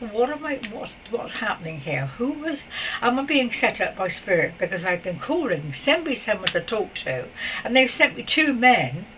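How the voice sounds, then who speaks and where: A woman's voice: mid-range voice, far from the mic, poor audio. An older woman tells a personal story, chatty and meandering and full of asides. Her voice sits a little away from the microphone, with faint noise behind it. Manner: chatty and rambling, with soft laughs and asides. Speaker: spiritual vlogger.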